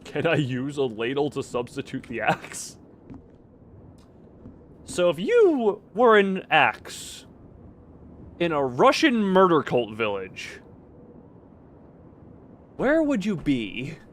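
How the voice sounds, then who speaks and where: A man's voice: a little high, wildly swooping pitch, slow, long pauses, fairly bright tone, slight background noise. A man streaming a horror game, talking casually to himself and his chat with sarcastic asides. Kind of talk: casual live game commentary.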